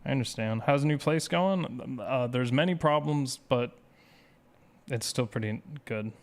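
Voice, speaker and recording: A man's voice: mid-range voice, a little slow. A man speedrun streamer chatting casually with his viewers, rambling and self-deprecating as he reads chat aloud.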